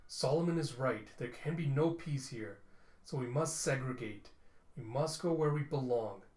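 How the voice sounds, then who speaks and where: A man voicing an ancient machine being, quiet, low and grave, in a roomy space. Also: normal speed, natural voice. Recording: roomy echo.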